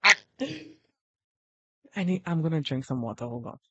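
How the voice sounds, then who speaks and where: Give me a young woman streamer rambling excitedly, recorded dry and a bit dull. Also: sits low, moderate pace, no room sound. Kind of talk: casual livestream chat while drawing.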